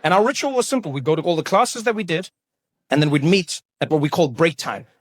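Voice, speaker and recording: A stand-up comedian with a notably high voice tells a story on a live stage. His delivery is animated and breaks into sudden loud bursts. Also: quick pace, no echo.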